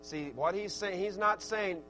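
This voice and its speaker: A man with an Arkansas accent preaching a sermon, swinging from quiet asides to loud, emphatic peaks and restarting his words as he goes. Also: sits high, measured pace, slight background noise. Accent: Southern US, Arkansas.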